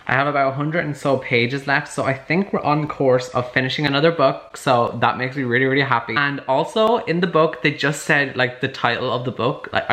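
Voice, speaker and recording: A man chatting excitedly at home for a book vlog, gushing about his reading. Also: medium pitch. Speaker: book vlogger. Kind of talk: casual vlog chat. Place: at home, moving between rooms.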